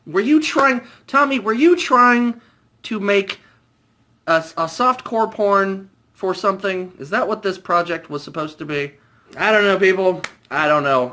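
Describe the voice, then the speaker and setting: A young man casually reviewing a movie, animated and jokey, putting on voices for the characters. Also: medium pitch.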